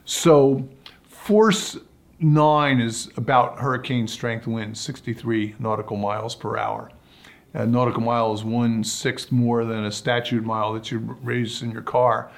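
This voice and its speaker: A man tells long stories about ocean racing as an interview guest. His delivery is relaxed and anecdotal, and his voice sits at a mid pitch. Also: a little slow, gravelly. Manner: relaxed anecdotal storytelling, acts out quotes. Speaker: guest, sailor and sailing commentator. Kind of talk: storytelling in a podcast interview.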